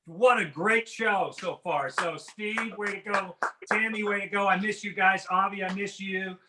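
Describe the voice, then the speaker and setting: A man's voice: high voice, steady tone, a little slow, noisy background. A middle-aged man performing a conversational, self-deprecating stand-up set from his home over a video call. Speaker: stand-up comedian. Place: home in a house.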